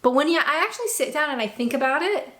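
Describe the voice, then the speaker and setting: A woman's voice: sits high, expressive, quick pace, pushed and bright. A woman from the United States talking to camera in a playful way, acting out little quoted exchanges. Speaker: video presenter. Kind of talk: scripted talk to camera.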